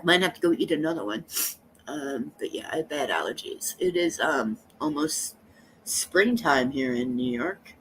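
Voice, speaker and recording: A woman's voice: very deep voice, animated, moderate pace, a little hiss or hum. Blunt, rambling woman live streamer, coughing. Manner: rambling, blunt and gossipy, talking straight to chat. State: coughing with allergies. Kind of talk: casual live-stream chat with viewers.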